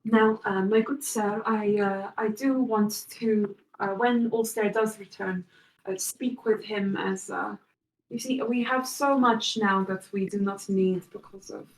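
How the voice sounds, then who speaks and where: A courteous, formal noblewoman who has given up her throne speaks in halting, polite phrases, full of pauses. A woman puts her on in a tabletop game. The voice sounds roomy and a little distant from the mic. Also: mid-range voice, fairly even intonation, a little hiss or hum, lightly acted.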